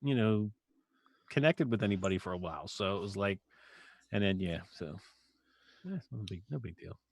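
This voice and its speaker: A man's voice: on the low side, animated, normal speed, gravelly, dry recording, clean studio sound. A man chatting on a call, joking and trailing off. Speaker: guest on call. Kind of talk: casual chat.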